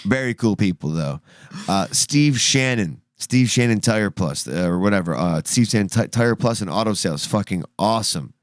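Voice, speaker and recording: A man's voice: lowish voice, lively intonation, normal speed, dry recording, clean studio sound. A young man co-hosting a podcast, rambling through a casual story full of fillers and putting on goofy voices for the people he quotes. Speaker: podcast co-host.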